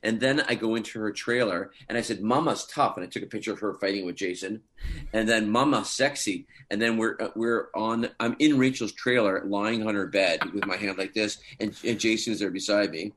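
A middle-aged man, a guest actor, telling funny behind-the-scenes stories in a casual, animated way and chuckling often. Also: on the low side, fairly quick.

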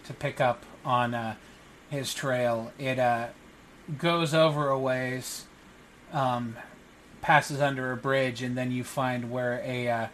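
A man narrating as game master of a tabletop role-play, pausing often with ums and uhs. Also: mid-range voice, a bit bright, slight background noise. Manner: halting, many ums and uhs.

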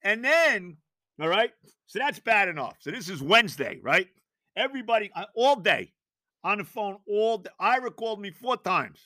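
An older man, hosting a sports podcast and ranting in exasperation with loud, theatrical outbursts. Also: sits high, expressive, moderate pace, no echo, studio quality. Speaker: podcast host. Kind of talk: sports rant.

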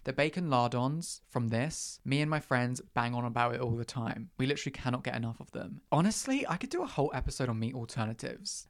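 A young man, hosting a podcast in a chatty, self-mocking way, often jumping up high in pitch. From England. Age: young adult. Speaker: podcast host. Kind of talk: casual chat.

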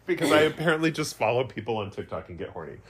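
A man's voice: fairly high pitch, wildly swooping pitch, fairly quick, husky. A man co-hosting a casual comedy podcast, rambling and giggly, poking fun at himself. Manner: rambling, giggly, self-mocking. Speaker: podcast co-host.

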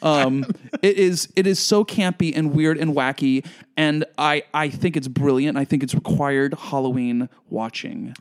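A man with a fairly high voice co-hosts a casual podcast chat. He talks in an animated, gushing way and slips into little sung quotes. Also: unhurried. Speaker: podcast co-host.

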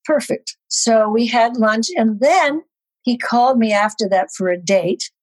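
A woman in her eighties, a guest on a talk show, telling a story from her past with wry, lively asides. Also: fairly high pitch, unhurried, no room sound, poor audio. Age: 80s. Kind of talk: casual storytelling chat.

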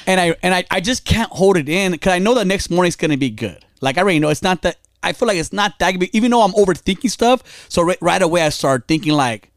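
A man's voice: high voice, lively intonation, quick pace, hardly any pauses, dry recording, studio quality. A young man co-hosting a casual podcast, telling a rambling story and acting out both sides of an argument, laughing often. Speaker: podcast co-host. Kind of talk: casual chat.

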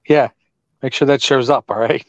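A man co-hosting a podcast in casual chat, wry and joking, quick with puns. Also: medium pitch, steady tone, no echo. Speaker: podcast co-host. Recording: dull lo-fi sound.

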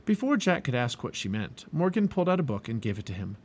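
A man reading a children's storybook aloud in an expressive, lively way. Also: mid-range voice, fast. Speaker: storybook reader.

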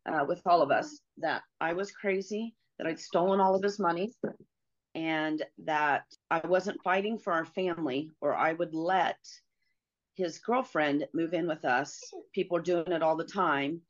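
A middle-aged woman telling a personal story as a guest, earnest and halting, with many pauses and fillers. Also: low voice, highs cut off.

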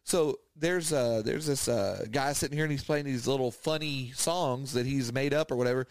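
A man's voice: medium pitch, moderate pace, no echo. A man co-hosting a podcast, telling a rambling story in casual chat, full of fillers and restarts. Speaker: podcast co-host.

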